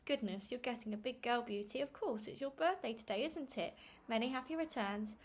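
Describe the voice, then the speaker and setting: A woman's voice: a little high, fairly quick, close to an everyday voice. A woman reading aloud and voicing a glib, self-serving middle-aged aunt who gushes and brushes off other people's troubles. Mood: gushing. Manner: gushing, breezy, talks over others.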